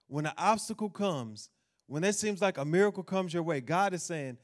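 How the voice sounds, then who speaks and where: A man's voice: high voice, expressive, normal speed. A man preaching a sermon as pastor, speaking animatedly to his congregation and the people watching online. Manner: loud, emphatic reading of scripture verses.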